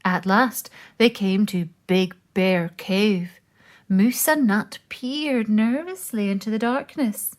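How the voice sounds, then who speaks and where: A woman reading a children's picture book aloud, with slow, expressive storytelling. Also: medium pitch.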